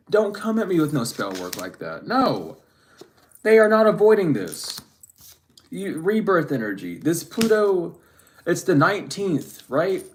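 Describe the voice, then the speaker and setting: A man's voice: on the high side, big pitch swings, a little slow, slight background noise. A man delivers a casual spiritual reading in an unscripted monologue. He talks bluntly, swears often and rambles, restarting his sentences as he goes. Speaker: spiritual reader.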